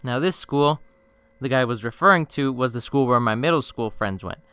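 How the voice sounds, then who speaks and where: A young man telling funny stories on his channel in a slangy, swearing casual style, with bursts of mock-outraged yelling. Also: medium pitch, moderate pace, smooth, no room sound. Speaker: storytime youtuber. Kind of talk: casual storytime narration.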